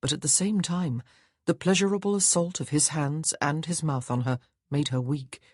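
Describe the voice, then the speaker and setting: A man narrating a historical romance audiobook in a measured, even storytelling manner. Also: fairly high pitch, husky, dry recording, clean studio sound. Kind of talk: scripted narration.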